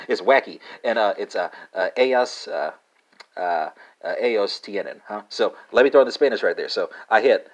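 A man hosting a casual language lesson podcast, halting with many fillers and asking "right?" after nearly every word. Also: on the low side. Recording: dull lo-fi sound.

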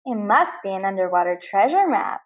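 A woman's voice: mid-range voice, big pitch swings, moderate pace, voice pushed down, lightly acted. A woman voicing a bossy male piggy bank toy in a storybook reading. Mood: sly.

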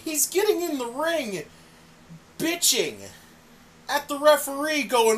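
The voice is high-pitched and a little slow, with long pauses. It belongs to a podcast co-host casually reviewing wrestling who swears heavily and acts out other people's outbursts in animated rants.

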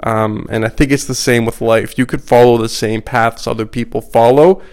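Smooth-voiced man, blunt podcast monologue. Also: medium pitch, fairly even intonation, moderate pace, darkish tone. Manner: blunt, profane, emphatic with repetition. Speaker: podcast host. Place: at home.

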